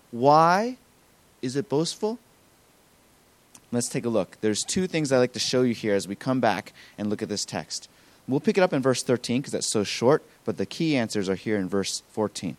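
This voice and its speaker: A man preaching a sermon as pastor, acting out quotes with lively emphasis. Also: mid-range voice, no echo. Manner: animated preaching with acted-out quotes.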